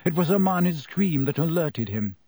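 A man reading an audiobook aloud as narrator, with dramatic shifts between slow and quick delivery. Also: a little high, expressive, dark tone, no room sound. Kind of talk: scripted narration.

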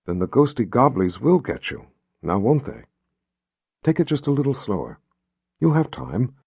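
Man putting on a gentle ghostly mom, soft and soothing, lowish husky voice. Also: big pitch swings, normal speed, no room sound, clean studio sound, exaggerated voice. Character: gentle, soothing motherly woman spirit.

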